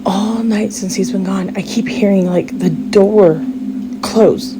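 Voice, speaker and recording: A woman's voice: medium pitch, slow, very noisy. A middle-aged mother filming inside her house on a phone, scared and teary, talking in a panicky rush and repeating herself. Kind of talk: amateur home video. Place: house, indoors, upstairs hallway and rooms. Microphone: handheld phone camera.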